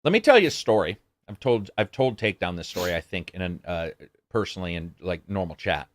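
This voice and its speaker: A man's voice: low voice, animated, a little fast, a little hiss or hum. Man, brash profane storyteller. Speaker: podcast co-host. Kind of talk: casual chat.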